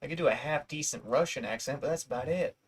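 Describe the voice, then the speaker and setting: Male stream host, mid-pitched, rambling, swears freely. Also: quick pace. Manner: rambling, restarts, casual swearing. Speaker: channel host. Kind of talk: casual chat.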